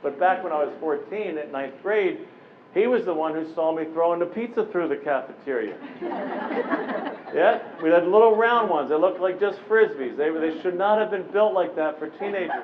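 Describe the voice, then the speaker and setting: A man in his forties gives a keynote to a live audience, spinning lively personal anecdotes and slipping into the voices of the people he quotes. His voice sits a little high for a man. The recording is thin and phone-like, with a light hiss underneath. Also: normal speed, crowd noise. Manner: animated, anecdotal, often slips into voicing the people he quotes. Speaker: keynote speaker. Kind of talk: storytelling keynote address. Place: conference room with a live audience. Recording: tinny phone-like recording with faint noise.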